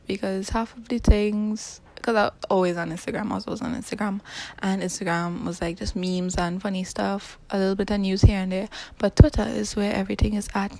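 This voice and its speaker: A woman's voice: mid-range voice, a little mellow. A young woman hosting a casual podcast on a phone mic, rambling and self-deprecating, dropping into whispered asides. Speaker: podcast host. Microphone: phone in a sock.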